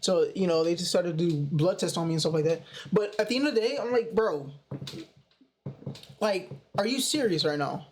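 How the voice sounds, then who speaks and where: A young man casually telling a personal story in a slangy, animated way. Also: high-pitched, moderate pace, a little hiss or hum. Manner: slangy, animated retelling with "bro" and "you know". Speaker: storytime vlogger.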